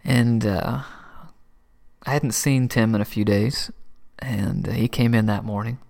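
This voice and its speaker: A middle-aged man sharing his personal faith testimony in an earnest, emotional way, with soft laughs and words that drop to a whisper. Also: lowish voice, steady tone, unhurried, creaky. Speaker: Christian testimony speaker.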